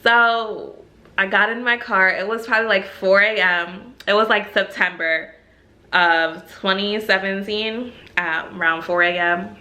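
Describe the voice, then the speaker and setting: A young woman tells a personal story straight to camera in a loose, chatty way, peppering every sentence with "like." Her voice is bright and forward, and she stays animated throughout, laughing at her own telling. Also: medium pitch, unhurried. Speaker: storytime vlogger. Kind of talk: casual storytelling.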